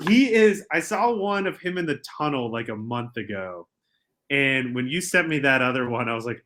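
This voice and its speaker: Animated ranting man, bright voice. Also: mid-range voice, normal speed. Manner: animated ranting, swings from quiet to loud. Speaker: podcast co-host. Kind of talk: casual sports banter.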